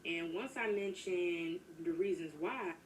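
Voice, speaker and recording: A woman's voice: on the low side, unhurried. A woman telling a personal story in casual storytime narration, chatty and talking straight to her listeners. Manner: chatty, addresses listeners as y'all. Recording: distant mic with faint noise.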